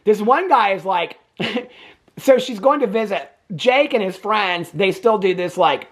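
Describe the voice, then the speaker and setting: A woman with a Southern US accent rants through a casual movie review, sassy and chatty, laughing often and dropping in "baby" and "okay?" along the way. Her voice is medium-pitched and expressive, at a measured pace.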